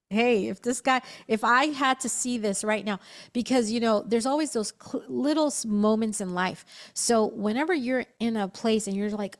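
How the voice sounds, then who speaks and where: A woman chatting casually as co-host, telling a story with lively, acted-out quotes. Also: moderate pace. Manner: animated, acts out quotes with big pitch jumps. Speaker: QHHT practitioner, co-host.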